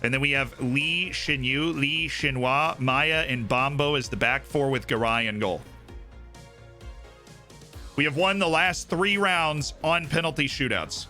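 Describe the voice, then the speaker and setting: A man's voice: a little high, a little slow, pushed and bright, soft background music. A man streaming a football management game, chatting casually and cheering his team on. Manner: chatty, hypes his team, thinks aloud. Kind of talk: casual gameplay commentary.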